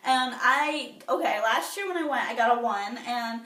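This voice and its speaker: Bubbly teen girl rambling on, kinda high pitched, sounds far from the mic. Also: expressive, normal speed, bright, forceful tone. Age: teens. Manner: rambling, bubbly, many fillers and restarts. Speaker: vlogger. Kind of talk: casual chat. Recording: echoey room, somewhat far from the mic.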